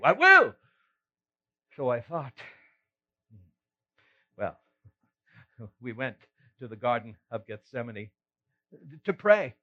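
A man's voice: fairly high pitch, bright, forceful tone, full character voice. Peter, a man playing the remorseful apostle. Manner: earnest, emotional retelling with sighs and rueful laughs. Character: remorseful apostle Peter, adult man, earnest and self-reproaching. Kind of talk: first-person dramatic monologue. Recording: slightly muffled recording.

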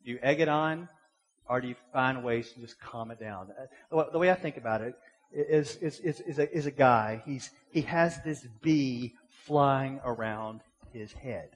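A middle-aged pastor with a medium-pitched voice preaches at a moderate pace in a church sanctuary. His sermon is casual and conversational, packed with rhetorical questions and repeated words, and the recording carries a long hall reverb.

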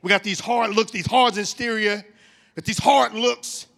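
Middle-aged male preacher, high voice, comic animated storyteller. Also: a little slow, gravelly. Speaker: motivational church speaker. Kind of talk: comic sermon.

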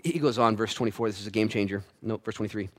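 A man preaching a sermon to a church congregation, swinging from loud, rising calls to hushed asides, with playful humor. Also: lowish voice, rapid-fire. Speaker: pastor.

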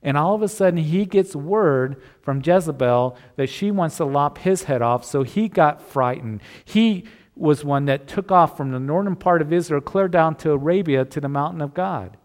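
A man's voice: a little high, normal speed, hardly any pauses, a little mellow. A man preaching a sermon as pastor, earnest and conversational, with occasional restarts.

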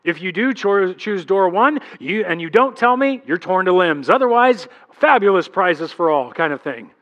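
A man's voice: high voice, expressive, normal speed, a bit bright, in a large hall, lo-fi sound. A man voicing an anxious, demanding ancient king who issues threats in a blustering way. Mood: threatening.

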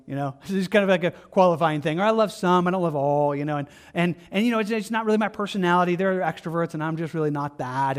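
High-voiced American pastor preaching. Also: male voice. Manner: conversational preaching, acts out excuses in voices. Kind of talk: sermon.

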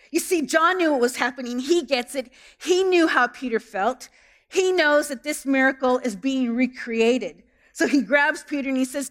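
A woman pastor preaches to her church in an animated way, asking her listeners many questions. Her voice sits a little high for a woman. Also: normal speed. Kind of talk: sermon.

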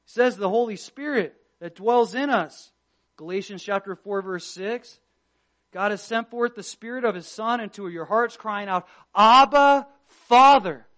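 A pastor preaching a sermon with passion, swinging between loud emphasis and hushed tones as he quotes scripture. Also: sits high, moderate pace. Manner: quotes scripture and acts out prayers.

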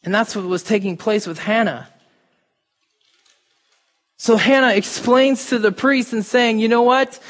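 A man's voice: high voice, a little slow, pauses often, fairly bright tone. A man, a pastor, giving an informal, conversational sermon and talking straight to his congregation in a church. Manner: informal, talks to the congregation directly. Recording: reverberant hall.

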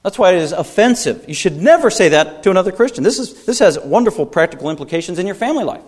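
A man's voice: lively intonation, fast, breathy edge. A man preaching a sermon as pastor, emphatic, with repeated phrases and pointed questions to the congregation. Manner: emphatic preaching with wide swings in pitch and loudness, repeated phrases.

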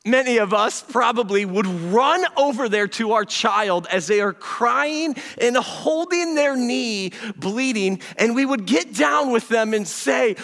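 Male pastor, sermon, high bright voice, earnest conversational delivery, long hall reverb. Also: expressive, vocal fry. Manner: earnest, conversational preaching that drops to soft, slow asides.

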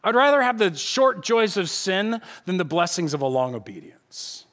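A pastor giving a casual, conversational sermon in a church, animated and shifting between loud emphasis and quiet asides. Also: male voice, sits high, moderate pace. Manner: casual, conversational preaching with slang.

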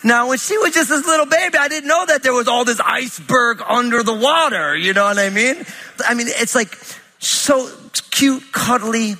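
A pastor with a bright, somewhat husky voice, speaking in a relaxed, joking, conversational way. His words ring out with a long reverb, as in a large church hall. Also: extremely high pitch, moderate pace. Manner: conversational, humorous storytelling with many fillers. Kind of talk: sermon with personal stories.

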